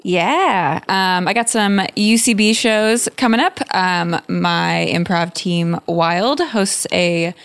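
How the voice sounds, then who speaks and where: A woman guest on a podcast, a comedian and improviser, easygoing and halting, with many ums. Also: on the low side, no room sound. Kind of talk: casual interview chat.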